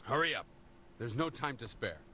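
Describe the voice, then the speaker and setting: A man's voice: medium pitch, expressive, moderate pace, pushed and bright, a little hiss or hum. An actor playing a stern nobleman in a video game, curt and commanding as he gives urgent orders.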